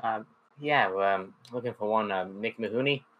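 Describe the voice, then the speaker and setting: A man playing in a tabletop game, talking in a hesitant, halting way. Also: fairly low pitch, dull audio. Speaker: player. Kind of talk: casual in-character play.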